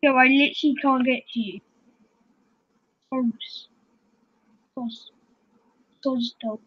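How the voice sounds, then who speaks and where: A woman hosting a gaming channel, chattering excitedly to her fellow players as she plays. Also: sits high, slow, slight background noise. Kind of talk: casual gameplay commentary. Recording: dull lo-fi home recording.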